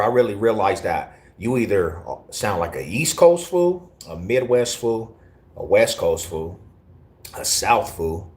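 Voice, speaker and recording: Low-voiced East Denver man streaming live. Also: darkish tone. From Denver, Colorado. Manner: slangy, profane, laid-back banter. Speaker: livestreamer reading chat. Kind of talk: casual live-stream chat.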